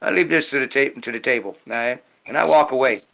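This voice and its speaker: A man's voice: medium pitch, a little fast, creaky, a bit bright, low-quality recording. A man speaking in character at a tabletop game, rambling and tagging "right?" onto most sentences. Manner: rambling, repeats "right?" constantly. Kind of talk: in-character role-play speech.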